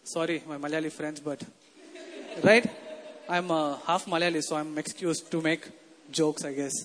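High-voiced man preaching in a hall. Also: steady tone, measured pace, fairly bright tone, slight background noise. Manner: conversational, asks the congregation questions. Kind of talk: sermon. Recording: long hall reverb.

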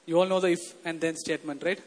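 High-voiced man preaching in a hall. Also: steady tone, fast. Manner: conversational, asks the congregation questions. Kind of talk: sermon. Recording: long hall reverb.

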